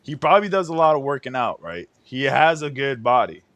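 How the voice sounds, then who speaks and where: A man's voice: medium pitch, very animated, brisk, a bit bright, no room sound, highs cut off. A man hosting a casual podcast chat, ranting in a profane, incredulous way. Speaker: podcast host.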